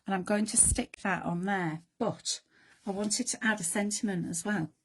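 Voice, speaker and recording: A middle-aged woman hosting a live craft demonstration, chatty and self-deprecating, thinking aloud as she works, her voice going croaky. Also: medium pitch, fairly even intonation, normal speed, slight background noise. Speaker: craft show host.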